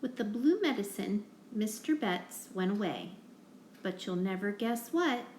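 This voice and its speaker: A woman's voice: medium pitch, lively intonation, measured pace, a little mellow, slight background noise. A woman reading a rhyming picture book aloud to children, in a rhythmic voice, stopping to ask the listener questions. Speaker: reader. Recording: roomy echo.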